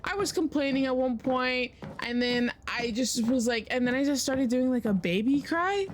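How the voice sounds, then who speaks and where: A woman's voice: high-pitched, normal speed, a little hiss or hum. A young woman streaming a game, chatting casually and telling a story full of swearing. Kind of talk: casual gameplay chat and storytelling.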